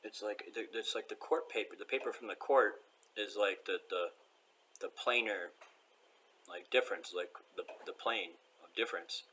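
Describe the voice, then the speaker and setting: A man's voice: fairly low pitch, moderate pace, bright, forceful tone, a little hiss or hum. An upset man venting in a personal vlog rant, agitated, rambling and repeating himself.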